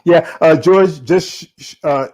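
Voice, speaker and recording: A man hosting a podcast in casual chat, joking and halting, often repeating words. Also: fairly high pitch, highs cut off, a crowd in the background. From Southern United States. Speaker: podcast host.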